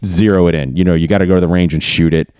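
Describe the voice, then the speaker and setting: A man with a lowish voice tells army stories in casual chat, peppered with curses and growing animated as the tale builds. The sound is close and dry, with no room around it. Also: racing, clear, resonant tone, no room sound. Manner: profane, animated storytelling. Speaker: podcast host.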